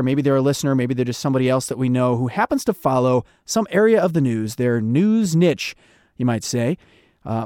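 A male radio host who talks with easygoing, self-deprecating humor. He speaks at an average pitch, close to a dry studio mic. It sounds like relaxed public-radio chat. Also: no room sound. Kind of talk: casual public-radio interview.

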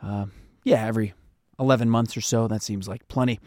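A man's voice: lowish voice, fairly even intonation, fairly quick, dark tone, no room sound, clean studio sound. A man hosting a radio show and podcast, chatting casually with easygoing, self-deprecating humor. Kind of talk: casual public-radio interview.

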